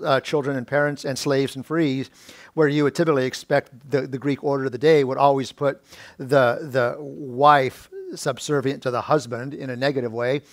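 A man's voice: no echo, studio quality. Male pastor preaching with many restarts. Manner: rises to a loud high pitch when stressing points. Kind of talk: sermon.

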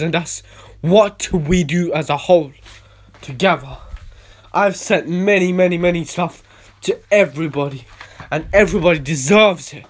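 Slow, high-voiced man ranting. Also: a little hiss or hum. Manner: emphatic, repetitive, swings between soft and loud. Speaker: video blogger. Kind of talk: ranting monologue to camera.

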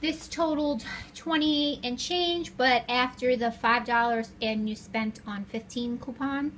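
A woman's voice: a little high, steady tone, unhurried, fairly bright tone, slight background noise. A middle-aged woman chatting casually as she films her shopping trip, walking and talking through the stores, her car and her home. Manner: chatty, walks and talks while shopping. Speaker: vlogger.

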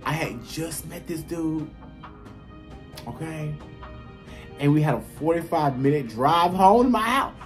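A man telling a casual story to his viewers, animated and blunt, swearing freely and talking straight to them. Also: a little high, unhurried, long pauses, soft background music. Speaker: vlogger. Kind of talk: casual story time while eating.

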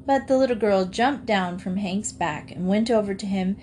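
A woman narrating a children's storybook in a gentle, lively storytelling way. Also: medium pitch, normal speed, slight background noise. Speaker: audiobook reader.

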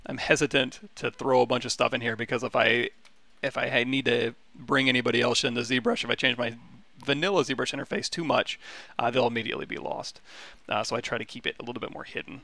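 A man giving a relaxed, rambling livestream tutorial on software, with many fillers and restarts. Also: mid-range voice, creaky, no echo. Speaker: 3D sculpting instructor.

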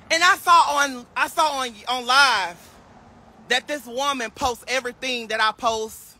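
A man's voice: very high-pitched, steady tone, measured pace, pushed and bright, slight background noise. A young man on a casual livestream, delivering a sassy, preachy clapback rant.

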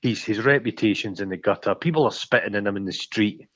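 A man's voice: lowish voice, quick pace, fairly bright tone. A man co-hosting a podcast, chatting casually about a film, swearing freely and acting out quoted lines. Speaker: podcast co-host. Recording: dull lo-fi sound.

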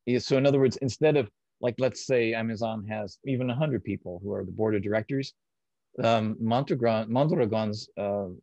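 As an interview guest, this man explains ideas patiently and step by step, keeping things conversational. His voice is lowish and dark, at a moderate pace, and the audio is dry and slightly dull with no echo.

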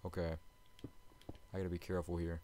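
A man hosting a let's play, chatty and jokey, swinging from hushed murmurs to loud excited outbursts. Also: sits low, a little fast. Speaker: gaming channel host.

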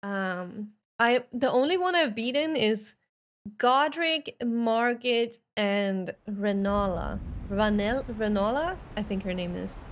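Her voice is a little high with lively intonation, though she talks slowly: a young Swede streaming a game and commentating live. She speaks English as a second language with a Swedish accent, joking playfully and sarcastically.

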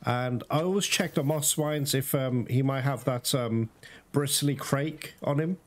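A man giving casual gameplay commentary, talking straight to his viewers and quickly cursing when things go wrong. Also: mid-range voice. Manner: talks straight to viewers, quick to curse in frustration. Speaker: gaming video host.

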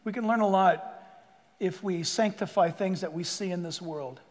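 An older man preaching a sermon, swinging between loud bursts and hushed asides and joking with the crowd. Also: sits high, normal speed, in a large hall. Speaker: pastor.

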